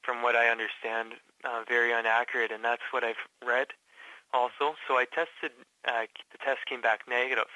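A man from Canada, a guest in a casual interview, telling his story haltingly with many fillers and restarts. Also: medium pitch, level tone, sharp tone, dry recording, rough recording. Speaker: patient guest.

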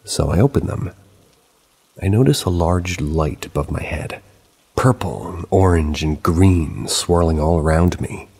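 A male narrator recounts a paranormal tale in a relaxed, chatty way, dropping in offhand asides. His voice is extremely deep and gravelly, with a husky, breathy edge. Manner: casual, conversational retelling with asides. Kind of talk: first-person storytelling narration.

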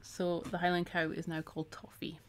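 A woman's voice: on the low side, completely flat delivery, fairly quick, background noise. A middle-aged woman, chatting casually while she teaches a craft on a live stream and reads out viewer comments.

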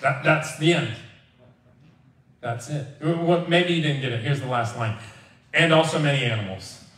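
A man with a higher-than-usual voice preaches as a pastor, animated and conversational, often slipping into the people he quotes. He sounds set back from the microphone in an echoey church hall. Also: measured pace, far from the mic. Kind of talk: conversational sermon. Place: church sanctuary.

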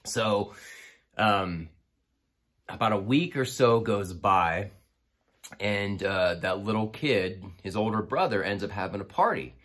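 A man's voice: fairly low pitch, takes it slowly, fairly bright tone. A man casually telling a personal story, rambling with many fillers and restarts.

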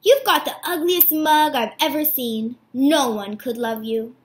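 A woman's voice: high voice, measured pace. A woman voicing a mean house cat that taunts a dog in a read-aloud storybook. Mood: taunting.

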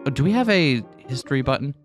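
A man's voice: medium pitch, lively intonation, fast, soft background music. A man hosting a casual, joking video game playthrough with a co-host. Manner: playful, joking. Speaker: let's-play host. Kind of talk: casual gameplay chat.

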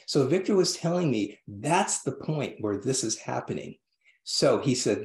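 A man, a guest in an interview, telling a story in a halting way with many restarts and fillers. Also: medium pitch, lively intonation, vocal fry, darkish tone, reverberant. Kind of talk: interview conversation.

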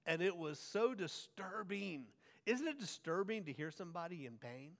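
A man preaching a sermon as pastor, swinging from hushed lines to loud, drawn-out emphasis. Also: sits high, lively intonation. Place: church sanctuary. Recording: long church hall reverb.

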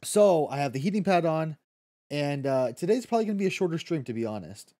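Lively, high-voiced male game streamer. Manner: swears freely, laughs often, reacts quickly to chat. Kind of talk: casual live-stream chat, reading chat aloud.

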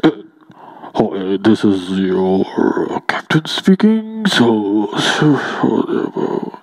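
A man voicing a mumbling male airline pilot in a stand-up act, murmuring in a breathy, creaky voice full of hesitations. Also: lowish voice, big pitch swings, extremely slow, pitched below the performer's own voice, full character voice. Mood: breathy drawl. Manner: drawling, hesitant, full of uh's. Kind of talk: stand-up comedy.

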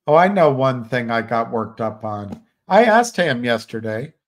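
A man's voice: medium pitch, sing-song, measured pace. An older man hosting a live stream, chatting casually and rambling with frequent restarts. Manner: rambling, musing, many restarts. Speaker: livestream host.

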